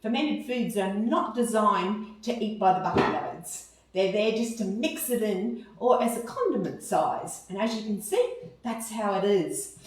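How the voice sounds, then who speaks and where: A cheerful Australian woman talks through a meal step by step, her pitch rising and falling a lot. She is recorded from a distance in a very echoey room. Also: lively intonation, measured pace. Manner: chatty, cheerful, explains step by step. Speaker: cooking video host. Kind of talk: casual food demonstration. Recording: very echoey room, mic far off.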